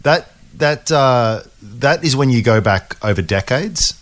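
An Australian man co-hosting a podcast, explaining share market ideas in a relaxed, conversational way with frequent restarts. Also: medium pitch, a little slow. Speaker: podcast co-host, investing analyst. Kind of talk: casual finance podcast chat.

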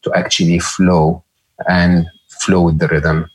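A man's voice: low voice, little pitch movement, slow pace. A middle-aged man as a podcast guest, speaking reflectively, often repeating words and checking in with "right?". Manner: thoughtful, repeats words, frequent "right?" and "hmm?". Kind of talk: reflective interview talk.

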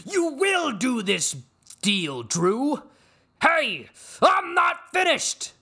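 A man doing a loud, bossy tycoon barking orders. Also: huge pitch swings, slow pace, breathy edge, full character voice. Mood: commanding. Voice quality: loud, high-pitched, shouting. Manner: pushy and domineering. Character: blustering bossy man demanding a trade deal.

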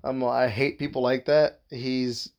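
A man's voice: mid-range voice, little pitch movement, measured pace, a little mellow. A young man telling a casual, profane story, rambling with lots of filler words and acting out what people said. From Southern California. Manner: profane, rambling, full of "like" fillers, acts out quoted talk.

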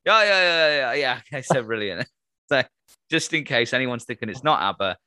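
A man's voice: medium pitch, expressive, moderate pace, sharp tone, clean tone, no room sound. A man hosting a comedy podcast over a remote call, joking and rambling with lots of fillers. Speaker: podcast host.

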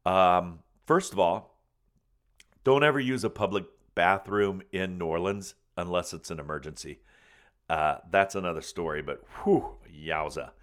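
A man telling a funny personal story in a folksy, animated way, calling people man and buddy, with faint music behind him. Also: deep voice, measured pace. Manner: animated, bursts into loud excited retelling.

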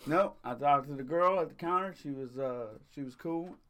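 A man's voice: fairly high pitch, moderate pace, sharp tone. A man in casual chat, telling a rambling story with profanity and frequent laughs.

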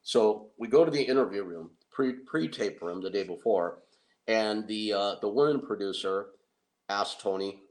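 Excitable middle-aged man telling a story. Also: on the low side, normal speed, rough recording. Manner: excitable, animated, with restarts. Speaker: guest storyteller. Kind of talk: casual anecdote on a talk show.

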